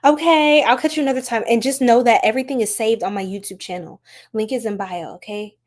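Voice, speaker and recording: Casting: a higher-voiced American woman, a chatty livestream tarot reader who laughs a lot. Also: quick pace. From United States. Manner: chatty and animated, laughs often, addresses viewers. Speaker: tarot reader hosting a live stream. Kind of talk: casual live-stream tarot reading.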